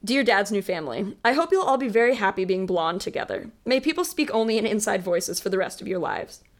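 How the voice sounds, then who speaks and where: A woman's voice: medium pitch, animated, fairly quick, lightly acted. Woman reading as hurt angry teenage girl. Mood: sarcastic. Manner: reads aloud with little acting.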